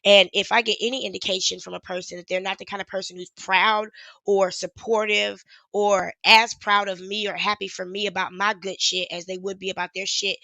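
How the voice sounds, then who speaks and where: A woman's voice: medium pitch, vocal fry, bright, forceful tone, dry recording. A woman YouTuber in her thirties talking in a casual, rambling livestream chat, frank and swearing freely.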